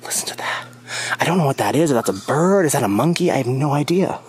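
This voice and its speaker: A young man from the United States chatting excitably to his viewers while walking a rainforest trail at dusk, filmed on a handheld phone. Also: medium pitch, quick pace. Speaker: vlogger. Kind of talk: casual vlog walk-and-talk.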